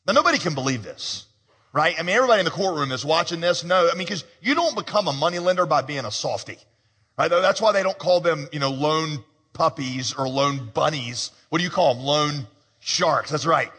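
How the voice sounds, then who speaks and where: A man's voice: a little high, animated, a little fast, a bit bright, slightly rough, in a large hall. A man preaching a sermon as pastor, telling a story in a conversational way with humorous asides.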